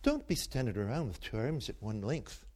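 A man's voice: medium pitch, lively intonation, moderate pace, darkish tone, close to an everyday voice. A man voicing his stern, tiny old Irish grandmother who scolds a misbehaving child, with an Irish brogue. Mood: bossy. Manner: scolding, threatening.

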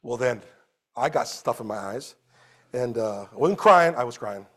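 At a church service, a pastor preaches an animated sermon in a mid-range voice at normal speed, swinging between loud exclamations and quiet storytelling.

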